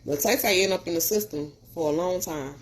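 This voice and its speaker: This woman's voice is lowish and brisk, with slight background noise. As a podcast host delivering a storytelling monologue, she's earnest and preachy, giving voice to the people she quotes in an animated retelling.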